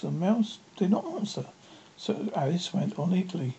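A reader narrating a classic children's story aloud, halting with frequent slips and restarts. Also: mid-range voice, very animated, mellow. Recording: dull lo-fi with faint noise.

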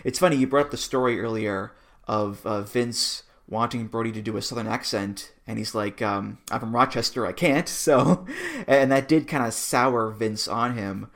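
A man's voice: lowish voice, fairly even intonation, moderate pace. A man co-hosting a podcast, chatting casually and reassuringly as he breaks down songs. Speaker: podcast co-host. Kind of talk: casual chat about wrestling theme songs.

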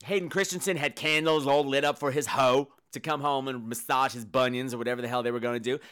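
A man's voice: mid-range voice, fairly even intonation, fast, a bit bright, smooth. A man hosting a casual, comedic movie review show, full of campy, sarcastic asides. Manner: breaks into sung and squealed impressions.

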